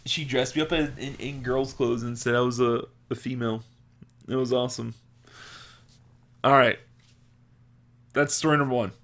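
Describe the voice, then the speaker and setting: A man's voice: mid-range voice, steady tone, normal speed, long pauses, a bit bright. A young man hosting a podcast, telling childhood stories in a rambling, casual way full of fillers. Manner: rambling, filler-heavy, laughs at own stories. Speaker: podcast host. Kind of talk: casual storytelling monologue.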